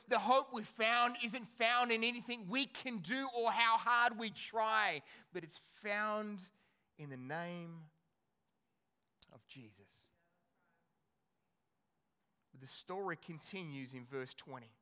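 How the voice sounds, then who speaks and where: A male pastor preaching a sermon in an animated, conversational way, asking his congregation rhetorical questions. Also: high-pitched, slow pace, long pauses, clear, resonant tone.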